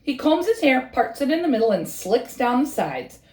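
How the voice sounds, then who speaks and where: A woman reading a bedtime story aloud with a rhythmic, expressive delivery. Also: high voice, moderate pace, roomy sound.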